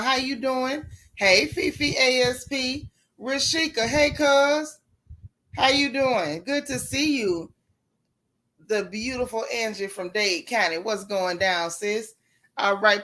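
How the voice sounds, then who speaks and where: A woman hosting a casual gossip livestream from home, greeting viewers by name with slang like sis and boo. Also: fairly high pitch. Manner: chatty, warm Southern slang, calls viewers sis and boo.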